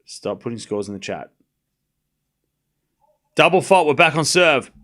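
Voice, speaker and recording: This tennis watchalong host, a man with a mid-range voice, sounds very animated yet unhurried. He narrates each point live, jokes sarcastically with chat, and swings from murmured score updates to shouted calls.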